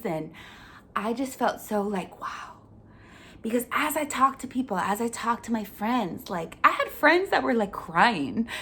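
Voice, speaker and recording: A young woman hosting a vlog, talking in a casual, earnest way with lots of filler words and an upbeat, animated delivery. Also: mid-range voice. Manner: chatty, earnest, full of "like" fillers. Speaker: vlog host. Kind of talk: casual life-update chat.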